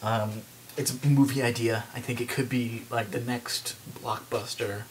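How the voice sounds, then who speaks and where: A young man rambling through a movie pitch, full of "like" and restarts, now and then breaking into silly voices. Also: fairly even intonation, unhurried, slight background noise. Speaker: vlogger pitching a movie idea. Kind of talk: rambling comic monologue.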